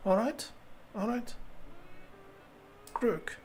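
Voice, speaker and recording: Woman chess streamer, slow and halting, talks under her breath to herself. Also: mid-range voice, steady tone, music in the background. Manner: muttering to herself, repeating phrases, halting. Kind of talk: thinking aloud while playing chess.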